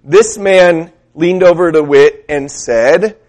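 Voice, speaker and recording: Man preaching in a slightly high voice. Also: takes it slowly, darkish tone. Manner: conversational storytelling with questions to the congregation. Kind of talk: sermon.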